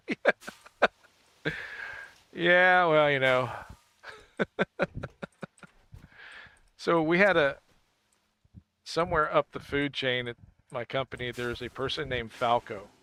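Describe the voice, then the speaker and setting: A man's voice: a little high, slow, pauses often, pushed and bright, clean tone. Chatty, joking man streaming a game. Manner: jokey, rambling, laughs at own puns. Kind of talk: casual chat while playing a game.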